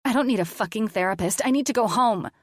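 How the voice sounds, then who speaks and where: A woman voicing a panicked, confused young woman patient in an audiobook, pleading in a shrill, frantic way. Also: normal speed, dry recording, clean studio sound, close to an everyday voice. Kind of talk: audiobook character voice.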